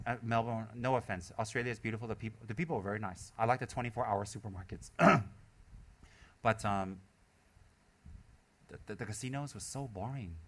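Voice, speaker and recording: Bright-voiced man telling stories in a dharma talk. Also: fairly low pitch. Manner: animated, chatty storytelling with frequent laughter; casual and self-deprecating, with restarts. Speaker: Buddhist teacher. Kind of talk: dharma talk with personal anecdotes.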